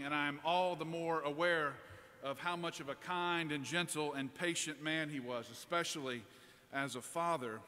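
Bright-voiced preacher in a church. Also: male voice, a little high. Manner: relaxed storytelling, conversational. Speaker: priest preaching. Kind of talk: sermon with a personal story. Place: large church. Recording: long church reverb.

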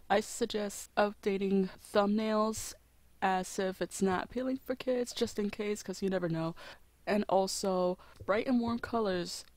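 An excitable woman vlogger talks straight to her viewers in a gushing, unscripted way, exclaiming between thoughts. Her voice sits at a middling pitch and is recorded close up, with almost no room sound. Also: no room sound. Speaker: animation YouTuber.

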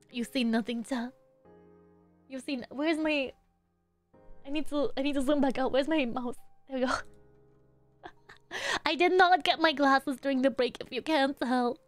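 Brief: young woman game streamer, high bright-toned voice, giggly and playful, faint music underneath. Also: unhurried, long pauses, no room sound. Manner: playful, giggly, hums little nonsense syllables. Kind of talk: casual live game-stream chat.

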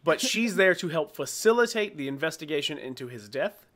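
A man co-hosting a podcast, chatting casually about a TV episode, laughing often and acting out lines from scenes. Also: on the high side. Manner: relaxed, laughs often, acts out scenes in quick voices. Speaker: podcast co-host. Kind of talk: casual TV recap chat.

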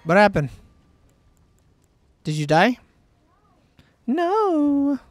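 A man's voice: on the high side, moderate pace, no room sound. A man streaming a game and chatting casually with a friend, joking around. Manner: animated, joking, breaks into silly sing-song noises. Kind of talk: casual gaming chat.

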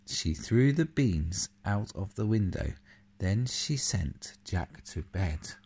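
Man reading a kids story out loud, gravelly husky voice, chatty asides. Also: fairly low pitch, slow pace. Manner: animated reading with asides and questions to the listener; soft and tender in closing words. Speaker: storyteller reading a picture book to a child. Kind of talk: storybook read-aloud to a child.

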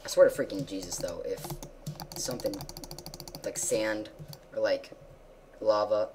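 A woman giving casual gameplay commentary, excitable, jumping from loud yelps to quiet mutters. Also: a bass voice, measured pace, noisy background. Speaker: gamer.

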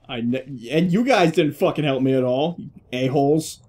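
While playing a video game, a young man talks casually in an animated, medium-pitched voice at normal speed, with a slightly mellow quality. The chat is jokey, with frequent laughter and swearing.

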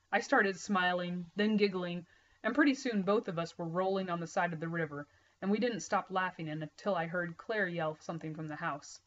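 A woman reads a novel aloud at a steady pace, her voice sitting a little low. The sound is dull and lo-fi, a plain home read-aloud. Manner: steady, plain narration with small slips. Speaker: reader.

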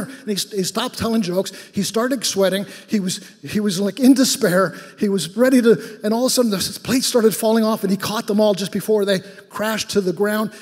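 This male pastor's voice sits high and has a slightly mellow, husky quality. Preaching in a church, he moves from relaxed storytelling into passionate exhortation, and the recording carries a long hall reverb.

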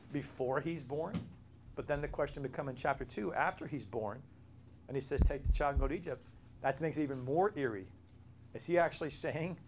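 Man, Bible study teacher, earnest, repeats himself, spells words out, mid-pitched voice, slight background hiss.

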